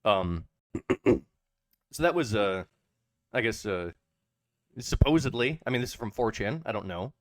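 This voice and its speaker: A man hosting a casual podcast, talking in a halting, low-key way with many pauses. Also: expressive, no room sound, studio quality. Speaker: podcast host.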